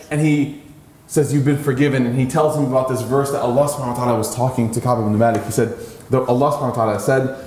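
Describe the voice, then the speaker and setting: Fast-talking man preaching in an echoey room. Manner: animated storyteller, voice rising high when acting out pleas. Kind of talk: sermon storytelling.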